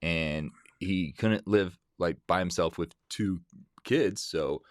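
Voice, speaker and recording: A man's voice: deep voice, slow pace, no echo, studio quality. A man guest on a casual podcast chat, rambling with many restarts.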